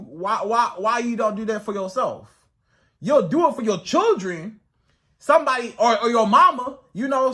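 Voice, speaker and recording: High, lively male dating coach. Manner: emphatic, repetitive, acts out quoted women's voices. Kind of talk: direct-to-camera advice monologue.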